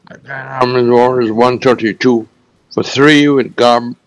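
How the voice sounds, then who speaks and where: A man presenting cricket scores on a radio show, halting, with many fillers, repeating figures slowly. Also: mid-range voice, steady tone, no echo, poor audio. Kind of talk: radio sports news segment.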